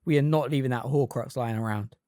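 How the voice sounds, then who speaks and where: Defensive teen boy wizard voiced by a reader, tense, raised and lively, dry recording. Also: medium pitch, normal speed, no room sound. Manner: defensive, breathless.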